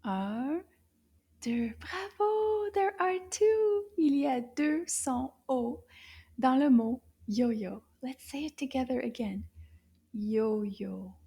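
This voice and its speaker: A woman with a fairly high, breathy voice touched by vocal fry teaches young children a language lesson. She speaks slowly and animatedly, exaggerating her delivery with frequent gasps and hushed whispers.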